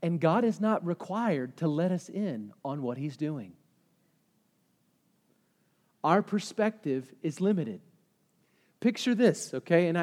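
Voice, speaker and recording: A man, a pastor, preaching a sermon to his church, moving between calm teaching and loud, urgent preaching. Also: a little high. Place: church sanctuary. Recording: long reverb of a large hall.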